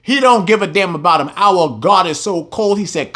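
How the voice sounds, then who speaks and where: A man's voice: sits high, normal speed, hardly any pauses. A man teaching from scripture, reading verses aloud and breaking into heated, emphatic commentary. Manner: animated, emphatic, swings between reading and loud preaching. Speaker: religious teacher.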